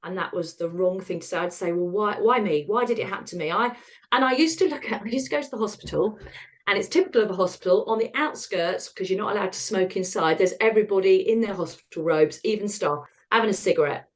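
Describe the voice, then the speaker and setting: A woman's voice: medium pitch, fast. Lady in her 50s, podcast guest, candid, self-deprecating, laughs at the grim stuff. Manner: frank and self-deprecating, laughs at dark moments. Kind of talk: candid conversational storytelling.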